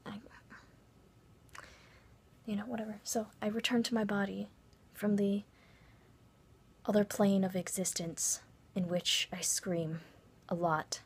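A woman vlogger telling a comic story in a deadpan, dry way, often dropping into whispers and dramatic asides. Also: medium pitch, unhurried, pauses often, husky.

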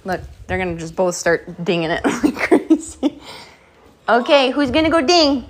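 A woman with a fairly high voice hosts a live stream from her home while training her dogs. She talks playfully, snapping out short commands and thanking viewers, and sounds a little out of breath. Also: animated. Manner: playful, gives quick commands and thanks viewers between laughs. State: slightly out of breath. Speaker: pet vlogger hosting a live stream.

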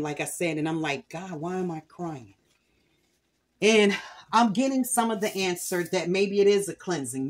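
A middle-aged woman hosting a home cooking video, talking candidly and earnestly about her faith while she cooks. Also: lowish voice. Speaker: cooking channel host. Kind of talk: casual cooking vlog with personal testimony.

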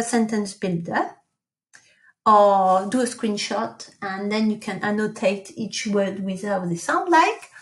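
A woman with a voice on the high side teaches French in a recorded online lesson, and the audio is reverberant. She patiently explains, slipping in fillers and self-corrections, and carefully models each French word slowly.

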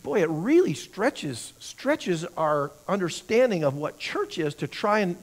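Man, slightly high voice, Bible class teacher, asks questions, repeats words, halting. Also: sing-song. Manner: asks the class questions and answers them himself. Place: church classroom.

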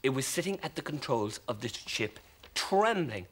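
An Irish man presenting a children's TV show, telling a story in an animated, expressive way. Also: mid-range voice, a little fast, a little hiss or hum.

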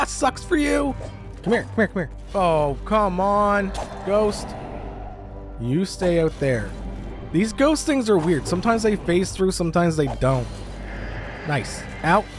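A man narrating and reacting live as a gaming YouTuber, excitable and quick to cry out in alarm. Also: high-pitched, music in the background. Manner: excitable, lots of startled exclamations. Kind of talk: let's-play commentary with narration.

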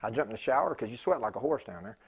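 A man preaching a sermon, telling a story with animated swings between loud bursts and hushed tones. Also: medium pitch, rapid-fire, breathy edge.

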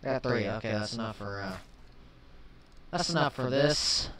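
A young man giving let's play commentary, chatting calmly and then flaring into shouted rage at the game, often swapping swears for milder words. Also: mid-range voice, moderate pace. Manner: swaps swears for mild substitutes. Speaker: gaming commentator. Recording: distant mic with faint hiss.

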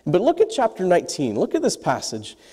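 Lively high-voiced preacher in a reverberant hall. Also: male voice, fairly quick, husky. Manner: animated, asks the congregation questions. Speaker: pastor. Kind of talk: sermon.

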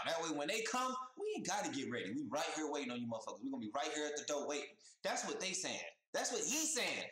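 This reaction-video host talks fast in a fairly high voice, barely pausing as he piles on slang and swearing and repeats himself with heavy emphasis. He's animated, using a desk mic with headphones on, and the audio is poor, with an echoey room.

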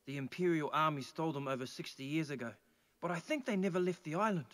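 A man's voice: on the high side, expressive, fast talker, fairly bright tone. A man voicing a polite male islander with a British accent, asking for help in a game. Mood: earnest. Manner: polite, pleading.

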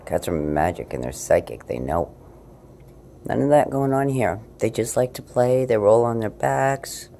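A woman's voice: extremely low pitch, lively intonation, measured pace, mellow, a little hiss or hum. A woman filming a casual night-time vlog at home on a handheld camera, chatty and spiritual, sometimes slipping into baby talk with her cat. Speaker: paranormal video blogger.

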